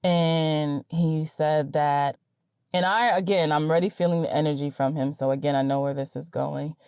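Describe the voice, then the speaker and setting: A woman podcast host telling a story in an animated, chatty way, acting out the dialogue. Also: low-pitched, normal speed, clear, resonant tone, no room sound, studio quality. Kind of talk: casual storytelling.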